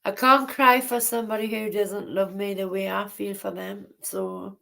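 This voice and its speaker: A woman hosting a casual livestream chat, speaking haltingly and repeating herself. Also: mid-range voice, flat delivery, vocal fry, sharp tone. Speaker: livestream host.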